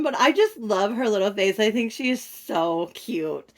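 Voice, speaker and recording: A chatty middle-aged woman tells a story to her viewers, gushing and animated as she goes. Her pitch sits right in the middle for a woman. She sounds relaxed and at ease, as if she is talking from her own bedroom at home. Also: normal speed, few pauses. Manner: animated, gushing, addresses viewers as "you guys". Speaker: reborn doll collector vlogger.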